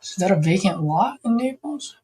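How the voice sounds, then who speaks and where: A man's voice: high voice, big pitch swings, normal speed, a little mellow, slightly rough. A man on a live call session, talking to a seller in an easygoing, friendly way. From California. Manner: easygoing, friendly, casual phone patter. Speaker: host, real estate investor calling sellers.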